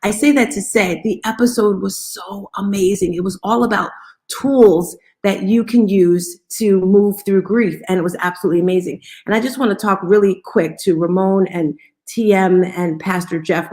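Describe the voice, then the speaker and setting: A woman's voice: fairly low pitch, darkish tone. A woman hosting a live motivational morning talk, upbeat and coaxing as she draws listeners in and leads call-and-response. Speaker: host of a live audio room.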